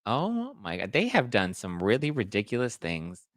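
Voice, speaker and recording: A man's voice: fairly low pitch, huge pitch swings, moderate pace, fairly bright tone, dry recording, clean studio sound. A man hosting celebrity gossip commentary, chatting to viewers in a gossipy way while he reacts to photos. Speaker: host.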